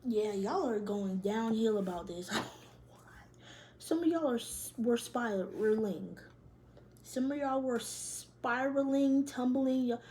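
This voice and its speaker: A young woman gives a casual tarot reading, full of slang, swearing and laughter. Her voice sits high but sounds mellow and soft-edged. A faint hiss runs under the home recording. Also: animated, a little slow. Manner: loose, slangy and profane, laughing often. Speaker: tarot reader.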